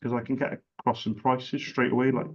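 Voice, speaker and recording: A man's voice: mid-range voice, level tone, fairly quick. A man who runs a small business, chatting casually and making a sales call, earnest and repeating himself as he talks. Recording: dull lo-fi recording.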